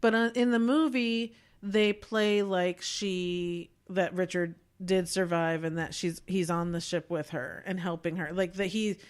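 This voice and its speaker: A woman's voice: fairly low pitch, fairly even intonation, unhurried, hardly any pauses. A woman co-hosting a podcast, reviewing a movie in a chatty, rambling way with many fillers. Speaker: podcast co-host. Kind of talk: casual chat, movie review.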